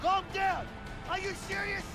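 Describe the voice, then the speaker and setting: An actor playing a desperate, furious gunman in a video game, shouting threats. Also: very high-pitched, level tone, a little slow. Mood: bitter. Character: desperate adult male fugitive with a gun. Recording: loud game music and gunfire.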